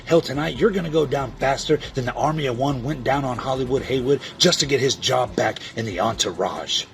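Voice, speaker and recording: A man at an everyday middle pitch cuts a wrestling promo, boasting and taunting his rival with a steady stream of insults. Music sits faintly underneath his voice. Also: fairly quick, gravelly. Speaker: online wrestling league competitor. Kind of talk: trash-talking wrestling promo.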